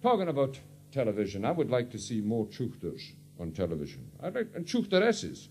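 A Scottish man doing stand-up comedy, mocking and rambling in an animated way. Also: medium pitch, brisk, soft background music.

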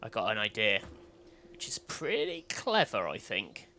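A man co-hosting a let's play, chatting casually and playfully, with jokey bursts of mock excitement. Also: lowish voice, measured pace, slight background noise. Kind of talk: casual gameplay chat.

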